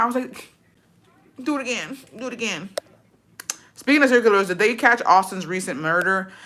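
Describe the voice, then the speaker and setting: A woman chatting casually and bluntly with her viewers, swearing freely and breaking into animated outbursts. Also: on the low side. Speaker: streamer reacting to chat. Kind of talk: casual profane chat.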